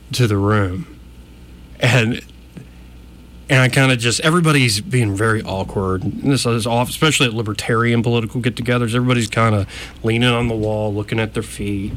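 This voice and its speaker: A man chatting casually as a podcast host, self-deprecating, laughing often and acting out the people in his stories. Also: on the low side. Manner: animated storyteller, acts out quotes. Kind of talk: casual chat.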